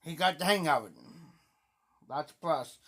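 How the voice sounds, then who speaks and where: A man's voice: fairly high pitch, normal speed, a bit bright. A middle-aged man live-streaming, telling a casual story in a rambling way that keeps circling back and repeating itself. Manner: rambling, repeats himself often.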